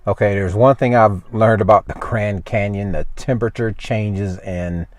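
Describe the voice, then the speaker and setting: Deep-voiced man vlogging, out of breath. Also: fairly even intonation, moderate pace, darkish tone, faint music behind. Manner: chatty, breathless commentary while climbing stairs. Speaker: travel vlogger. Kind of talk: casual travel vlog narration. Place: inside a stone tower and outdoors at a canyon rim.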